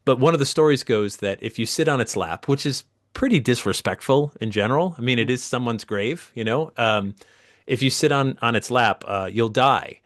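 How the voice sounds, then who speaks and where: A middle-aged man, a guest author telling stories with animated energy in a casual interview. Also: medium pitch, normal speed. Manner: lively, animated storyteller.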